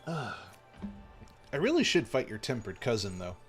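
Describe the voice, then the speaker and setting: A man's voice: normal speed, faint music behind. Playful rambling male game streamer. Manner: playful, rambling, excitable with sudden high yelps. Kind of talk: casual stream commentary while gaming.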